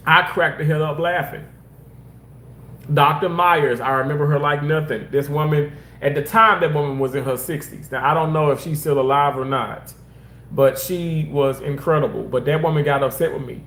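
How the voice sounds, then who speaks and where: Rambling, animated man in an echoey room. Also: on the high side. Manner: animated, rambling, repeats himself for emphasis. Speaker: former hospital surgical worker. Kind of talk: casual personal storytelling.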